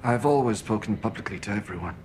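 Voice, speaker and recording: An actor playing Jesus as a calm adult teacher in an audio Bible drama, speaking in a measured, reasoning way. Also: male voice, on the low side, slight background noise, close to an everyday voice.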